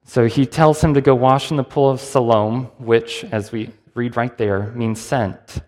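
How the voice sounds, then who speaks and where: A man's voice: mid-range voice, a little slow. A man preaching a sermon in a conversational, storytelling way, acting out the people in the passage as he goes. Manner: conversational, lively storytelling with acted-out quotes. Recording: long hall reverb.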